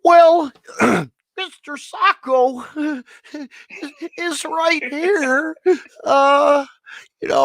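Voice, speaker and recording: This is a squeaky, high-pitched wrestler impression, drawn out slowly and goofy. It breaks into laughs and babyish cries. The sound is dry and close. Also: male voice, vocal fry, fairly bright tone, no room sound, exaggerated voice, rough recording.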